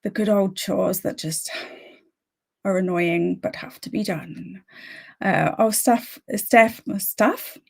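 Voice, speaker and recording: A woman's voice: on the low side, fairly even intonation, takes it slowly, creaky, pauses often, a little mellow. A woman hosting a casual livestream, greeting viewers by name and chatting about her plans. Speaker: livestream host.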